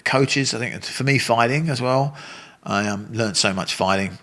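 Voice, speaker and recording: A man's voice: medium pitch, measured pace, fairly bright tone. Blunt Australian man in his sixties. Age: 60s. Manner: rambling, blunt storyteller who swears and laughs. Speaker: Muay Thai coach, guest. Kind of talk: casual interview storytelling.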